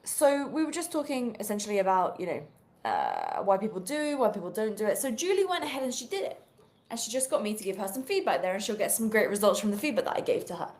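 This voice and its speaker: A woman's voice: mid-range voice, quick pace. A young woman with a British accent, chatting live to an online audience. She talks energetically and casually, full of "you know" and "like", as a social media sales coach. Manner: energetic, chatty, peppered with fillers. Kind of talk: live-stream talk to viewers.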